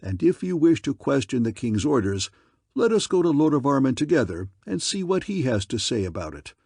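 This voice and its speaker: A man voicing a bold young male American warrior who speaks calmly and simply. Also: medium pitch, brisk, breathy edge, no room sound, studio quality. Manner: calm, simple, resolute.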